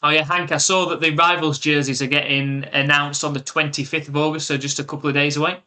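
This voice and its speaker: A man's voice: fairly high pitch, flat delivery, quick pace, pushed and bright. A man with an English accent from the UK, giving live play-by-play commentary and chatting casually with stream viewers.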